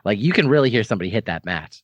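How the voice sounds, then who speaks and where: A man's voice: on the low side, lively intonation, rapid-fire, muffled recording, slight background noise. A man from Canada hosting a podcast, chatting casually about wrestling, laughing often and rambling into asides. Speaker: podcast host. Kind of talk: casual wrestling review chat.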